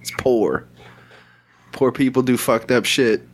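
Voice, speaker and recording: A man's voice: medium pitch, takes it slowly, breathy edge. A man in casual podcast conversation, swearing freely and laughing often while he tells stories. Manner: profane, laughs often, animated storytelling.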